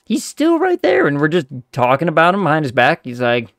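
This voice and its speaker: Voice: mid-range voice, wildly swooping pitch, a little fast, dry recording. A streamer chatting through a video game, making rambling, amused asides. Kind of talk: let's-play commentary.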